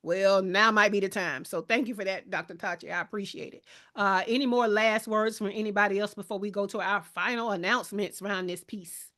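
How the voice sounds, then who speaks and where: A woman talks casually to her live audience, calling them y'all and mixing in slang. Her pitch sits in a middle range. She sounds like a business coach hosting her own show. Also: fairly even intonation, fairly quick. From Alabama. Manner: warm, chatty, Southern slang, addresses audience as y'all. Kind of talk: casual live-stream talk.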